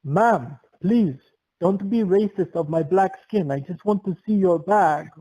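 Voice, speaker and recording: Guy playing a pushy stranger at the mall, touchy and demanding, kinda high voice, darkish tone. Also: dark tone, husky, poor audio. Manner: demanding, quick to take offense.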